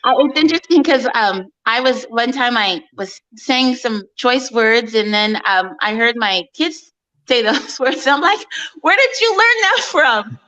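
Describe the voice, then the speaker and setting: A woman guest in casual chat, talking warmly with many fillers and restarts and frequent laughs. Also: a little high, lively intonation, a little slow, muffled recording.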